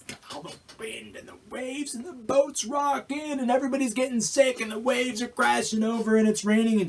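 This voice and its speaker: Husky-voiced animated male pastor. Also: very high voice, moderate pace. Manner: animated, acts out scenes, restarts mid-phrase. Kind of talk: sermon. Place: church.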